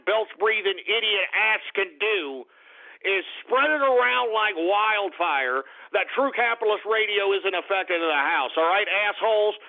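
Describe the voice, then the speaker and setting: A man hosting a call-in radio show, ranting angrily and cursing at his listeners. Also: high voice. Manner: ranting, profane, shouting insults at trolls. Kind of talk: angry call-in radio rant. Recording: tinny phone-quality radio recording.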